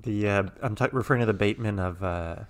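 A man co-hosting a casual movie podcast, deadpan and teasing. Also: on the low side, fast talker, heavy background noise. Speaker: podcast co-host.

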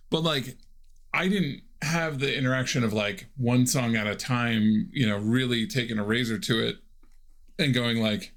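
A man's voice: mid-range voice, moderate pace, a bit bright. A man hosting a casual podcast chat, rambling and hesitant, restarting his thoughts. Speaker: podcast host.

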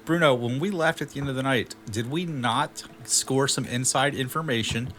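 A man's voice: mid-range voice, moderate pace, fairly bright tone, a little hiss or hum. A man co-hosting a casual podcast, talking in a rambling way and often repeating and restarting his phrases. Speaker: podcast co-host.

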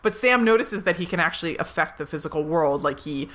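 A woman co-hosting a podcast, recapping a film in animated casual chat and acting out quick quotes. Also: low voice. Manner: animated retelling with quick acted-out quotes, laughs often. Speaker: podcast co-host.

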